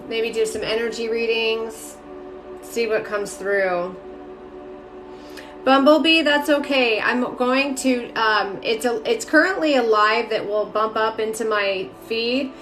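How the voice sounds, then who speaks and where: A woman's voice: fairly high pitch, takes it slowly, fairly bright tone, reverberant, soft background music. A woman giving casual live-stream spiritual readings, chatty, greeting viewers by name and talking with lots of fillers. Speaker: spiritual reader and mentor. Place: home room.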